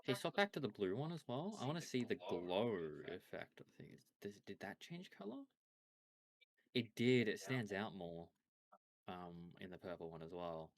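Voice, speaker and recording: A man's voice: fairly low pitch, animated, normal speed. A man co-hosting a game stream, chatting casually and explaining things with small restarts. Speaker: streamer co-host. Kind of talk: casual chat while gaming.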